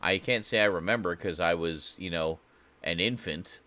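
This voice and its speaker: A man's voice: low voice, moderate pace, sharp tone. A man from Canada chatting casually on a stream, joking and mocking himself. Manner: joking, self-mocking, talks to absent chat. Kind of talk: casual live-stream chat.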